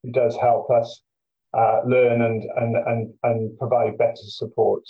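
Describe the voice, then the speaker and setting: A man leading a discussion, summarising points in a halting way with many restarts. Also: medium pitch, flat delivery, dull audio. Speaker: facilitator.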